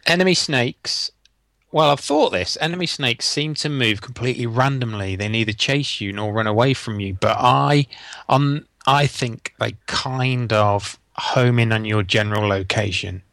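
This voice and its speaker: A man's voice: medium pitch, vocal fry, a bit bright, no room sound, clean studio sound. A man co-hosting a podcast, adding game tips and teasing his partner in casual chat. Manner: adds quick corrections and game tips, teasing his co-host. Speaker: podcast co-host.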